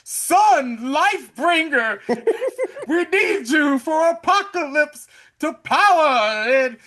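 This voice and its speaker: A man putting on the voice of a heroine who calls on the sun in a drawn-out, theatrical speech. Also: very high voice, big pitch swings, pushed and bright, voice pushed up, heavily acted. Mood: grandiose. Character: Storm, a grandiose heroine summoning the sun in a solemn monologue.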